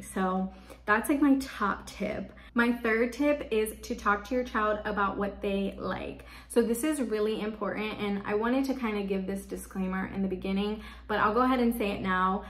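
A woman's voice: mid-range voice, steady tone, moderate pace. A woman giving parenting tips to the camera in casual, chatty speech, often filling with "like". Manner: chatty, leans on "like" as a filler. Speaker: parenting vlogger. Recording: echoey room.

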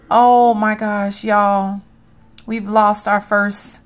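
A woman commenting casually on her gameplay, chatty and reacting loudly to what happens, often calling out to viewers. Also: mid-range voice, little pitch movement, extremely slow, slight background noise. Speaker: gaming channel host.

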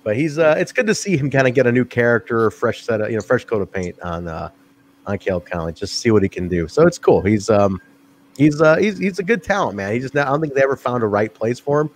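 A man co-hosting a casual wrestling review podcast, profane and quick to laugh. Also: mid-range voice, slight background noise. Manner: profane, animated, laughs often. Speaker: podcast co-host.

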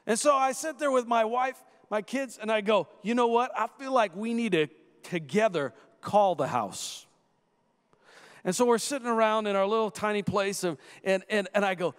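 A man in his thirties preaching a sermon, telling a family story in an animated way, acting out the voices and rising to shouts. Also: high voice, normal speed, clear, resonant tone. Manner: animated storyteller who acts out quoted voices and rises to shouts. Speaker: guest preacher. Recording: long echoing hall reverb.

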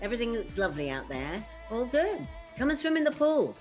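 A woman who is a regular on a panel, chatting in an easygoing, relaxed way. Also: a little high, fairly quick, soft background music. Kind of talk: casual panel chat.

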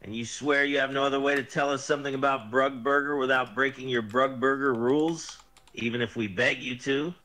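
A man's voice: medium pitch, steady tone, fairly quick, bright, forceful tone, rough recording. A text-to-speech male voice reading the lines of a tired, frustrated police officer who keeps asking the same thing. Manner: tired, complaining, repetitive questioning.

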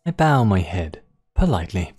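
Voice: sits low, very animated, moderate pace, a little mellow, husky, soft background music. A let's play host chatting casually while playing and reading the game's story text aloud. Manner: chatty, musing, reads narration aloud.

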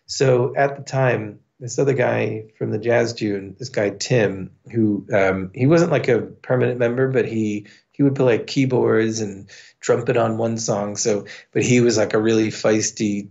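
Gravelly-voiced man telling a casual story. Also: medium pitch, a little mellow, muffled recording. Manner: loose, profane anecdote-telling with many fillers. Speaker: podcast guest.

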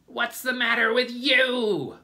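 A man reading a storybook aloud, voicing a shrill, cruel, skinny old aunt who screeches and snaps. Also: slow, vocal fry, sharp tone, heavily acted. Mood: screeching. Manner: screeching, snapping, scornful.

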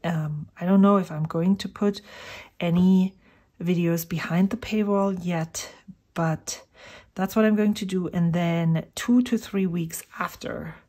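Swatching inks at her desk at home, a middle-aged fountain pen vlogger muses aloud in a casual ramble, occasionally slipping into a whisper. She speaks with a fairly low, mellow voice, steady in tone and unhurried.

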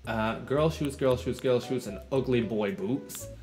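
A man hosting a video game let's play, chatting to himself in an animated, talkative way. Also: mid-range voice, unhurried. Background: game music.

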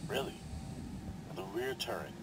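Man voicing a cautious game diver, lively pitch, careful, background noise. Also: normal speed, close to an everyday voice.

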